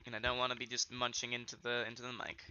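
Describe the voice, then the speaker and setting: A man's voice: mid-range voice, monotone, fast, pushed and bright, smooth, dull audio. A man playing a story game on his channel and chatting casually, with fillers. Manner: casual and self-conscious, with fillers. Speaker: game streamer reading a visual novel aloud. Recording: game music playing behind.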